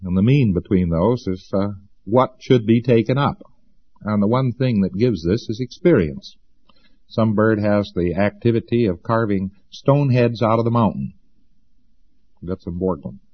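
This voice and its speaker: A man's voice: on the low side, expressive, a little slow. Folksy sarcastic male lecturer, muffled tape. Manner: folksy and sarcastic, with emphatic repetition. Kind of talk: informal lecture to students.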